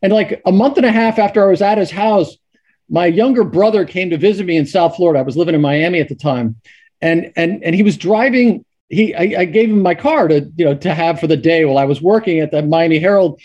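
A man's voice: high voice, brisk, darkish tone, lo-fi sound. A middle-aged man, a sportswriter guest, telling stories casually with many restarts and fillers. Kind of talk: casual storytelling.

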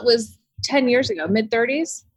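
A woman's voice: on the high side, normal speed, husky, no echo, rough recording. Woman, forties, guest, candid, matter-of-fact, dry recording. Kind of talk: casual remote chat.

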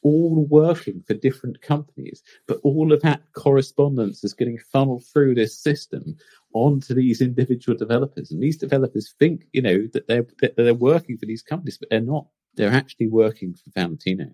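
A man co-hosting a tech podcast, trading casual banter and teasing his partner with a dry wit. His voice sits at an ordinary middle pitch for a man. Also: a little fast, mellow, slightly rough, dry recording. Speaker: podcast co-host.

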